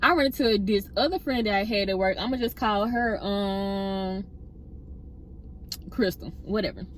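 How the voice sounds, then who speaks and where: A young woman casually telling a personal workplace story, chatty and animated, often addressing listeners directly. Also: mid-range voice, a little slow, slight background noise. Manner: animated retelling with acted-out quotes.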